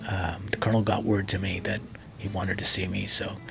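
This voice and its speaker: With a low, gravelly male voice and flat, brisk delivery, a middle-aged army veteran tells a long story as an interview guest. He acts out the dialogue and sinks to a near whisper when things get emotional.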